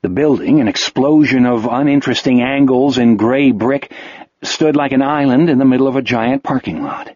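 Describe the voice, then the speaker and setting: Guy reading an audiobook, kinda husky voice, dry dull sound. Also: medium pitch, a little mellow, no room sound. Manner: measured storytelling. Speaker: audiobook narrator. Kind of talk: scripted narration.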